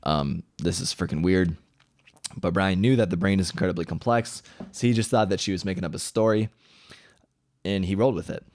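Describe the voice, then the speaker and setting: A man's voice: deep voice, quick pace, a little mellow, slight background noise. A man casually retelling a story from a book, rambling and correcting himself as he acts out quoted dialogue.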